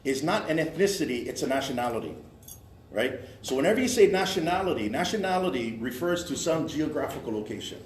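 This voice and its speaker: Man lecturing in an echoey room. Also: on the high side. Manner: explanatory, checks in with frequent "right?" and "okay?". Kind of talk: history lecture to a live audience. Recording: echoey room with faint noise.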